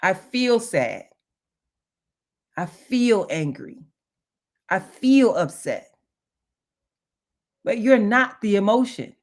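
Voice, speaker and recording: A woman's voice: medium pitch, sing-song, very slow, pauses often. A middle-aged woman hosting a motivational livestream, emphatic and repeating her phrases for effect. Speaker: livestream host.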